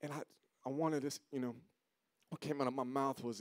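A man in his thirties giving a sermon as a guest speaker, telling a personal story with emotion, dropping to a hush and then rising to loud, pleading questions. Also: mid-range voice, steady tone, a little fast, no room sound, studio quality. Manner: emotional, swings from hushed to loud. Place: church auditorium.

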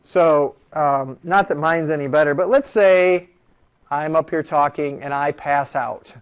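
A man lecturing a classroom on law, animated and jokey, firing rhetorical questions at his students. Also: on the high side, unhurried, smooth.

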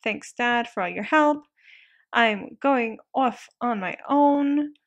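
A woman's voice: a little high, expressive, slow, muffled recording. A woman voicing a cheerful young man. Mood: breezy. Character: young adult man leaving home, cheerful.

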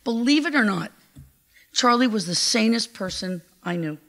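An older woman giving a heartfelt, measured eulogy at a memorial gathering. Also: fairly high pitch, lively intonation, gravelly. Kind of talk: memorial tribute speech.

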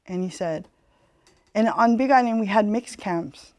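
A woman's voice: medium pitch, normal speed, a little mellow, no echo. An earnest woman from Hawaii with a light Hawaiian Pidgin-tinged accent speaks in a mid-range voice, talking to a community audience like she's chatting with them. The sound is dry and close, with almost no room around it. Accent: Hawaiian Pidgin-tinged English. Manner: earnest and conversational, leans on "you know". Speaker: speaker giving a community presentation. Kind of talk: conversational talk with storytelling.

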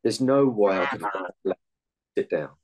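A man's voice: lowish voice, lively intonation, normal speed, a little mellow, rough recording. A man, a meditation and martial arts coach, giving earnest interview answers full of anecdotes from his coaching.

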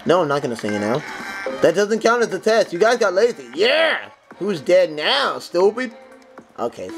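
An excitable young man talks through a game, joking and shouting at the enemies as he goes. His voice sits fairly high and jumps widely in pitch. Music plays clearly under him the whole time. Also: rough recording. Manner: excitable, jokey, talks to enemies, sings snatches. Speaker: gaming channel host. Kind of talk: casual gameplay commentary.

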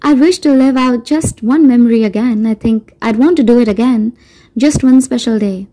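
Casting: woman playing a soft-spoken old grandmother, mellow and wistful, storybook reading. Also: on the high side, normal speed, lightly acted, poor audio. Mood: longing. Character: elderly grandmother, gentle and wistful.

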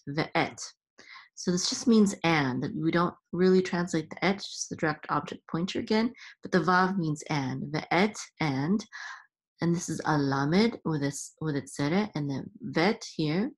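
A woman teaching Hebrew reading step by step, patiently repeating each sound and sometimes sliding into a soft near-whisper. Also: sits low, husky. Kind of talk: slow step-by-step lesson.

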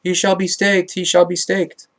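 A man reading the part of an angry bribed crowd, shouting and chanting repeated demands. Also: high-pitched, monotone, moderate pace, voice pushed up.

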